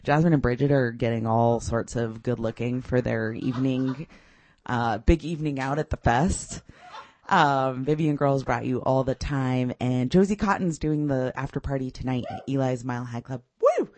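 A woman's voice: very deep voice, normal speed, darkish tone, no echo. A woman radio DJ back-announcing songs in a casual, enthusiastic way, with frequent laughs and fillers. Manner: enthusiastic, giggly, with many "uh" fillers.

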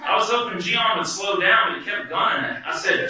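A man performing a wry, animated first-person story live. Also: high-pitched, brisk, few pauses. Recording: echoey hall from far off.

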